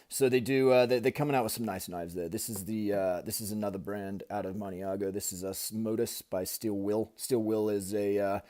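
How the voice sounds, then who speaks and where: A middle-aged man talks through a knife review in a casual, rambling way, stopping on fillers and restarting his sentences. His voice sits a little low and sounds warm and mellow rather than bright.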